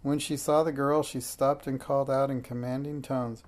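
A reader narrating a children's storybook aloud in a steady, unhurried way, with small slips. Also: medium pitch.

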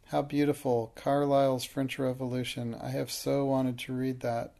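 A man's voice: medium pitch, steady tone, moderate pace, gravelly, mellow, natural voice. A man reading the part of an earnest, thoughtful and proud young schoolgirl in a storybook, speaking in careful, earnest words.

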